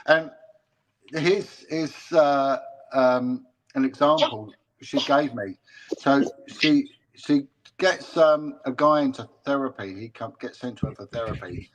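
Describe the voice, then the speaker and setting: Halting, hesitant man. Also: medium pitch, a little hiss or hum. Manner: halting, with many restarts and repeated words. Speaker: former policeman, guest. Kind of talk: casual interview talk.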